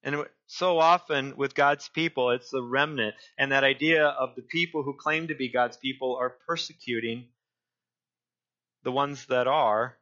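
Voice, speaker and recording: A male pastor preaching a sermon, deliberate and often repeating and restarting his phrases. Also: medium pitch, steady tone, pushed and bright, dull audio.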